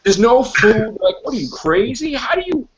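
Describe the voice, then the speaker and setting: A man's voice: very high-pitched, very animated, normal speed, a crowd in the background. A man hosting a podcast, ranting in exasperated disbelief about a movie and acting out quotes. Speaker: podcast host. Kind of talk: casual movie review chat. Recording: dull lo-fi podcast audio.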